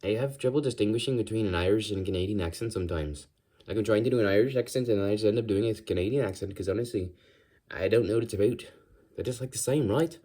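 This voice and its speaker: An American man rambling casually in an ASMR-style monologue, drifting between put-on accents with some vocal fry. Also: lowish voice, quick pace, mellow.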